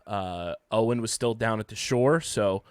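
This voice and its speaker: A man hosting a casual sports podcast, hoarse from having partly lost his voice, ranting and joking at himself. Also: fairly low pitch, unhurried, dry recording. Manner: ranting, self-mocking banter. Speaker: podcast host. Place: home studio.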